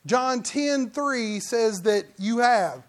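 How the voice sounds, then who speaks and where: High-voiced man preaching a conversational sermon. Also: expressive, takes it slowly. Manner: conversational preaching with sudden loud mock outbursts. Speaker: pastor.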